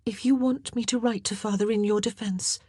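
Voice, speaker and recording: A composed young noblewoman, guarded and protective of her sister, as a woman reader puts her on. She speaks in a raised, breathy tone that drops low to keep secrets. Dry, close sound. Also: steady tone, normal speed, warm tone, dry recording, natural voice. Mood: hushed. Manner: composed, low-voiced and discreet.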